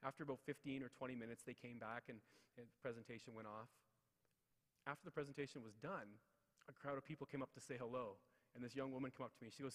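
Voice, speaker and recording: A quick, energetic man tells stories from a stage through a headset mic. He acts out the people in his stories in raised voices, and his words ring with a long hall reverb. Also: medium pitch. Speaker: keynote speaker. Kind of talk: motivational storytelling speech. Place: large ceremonial hall.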